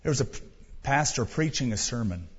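Emphatic pastor with an echoey church sound. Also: male voice, medium pitch, expressive, a little fast, slightly rough, dull audio. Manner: emphatic, urging the audience directly. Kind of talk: sermon.

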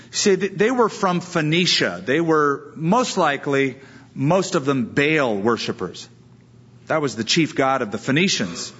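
A man preaching a sermon as a pastor, explaining scripture and acting out quoted voices in lively asides. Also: on the high side, lo-fi sound.

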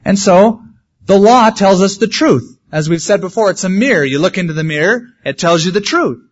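A man's voice: sits high, lively intonation, normal speed. A male pastor preaching a sermon in a conversational way, with humorous asides. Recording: dull lo-fi sermon recording.

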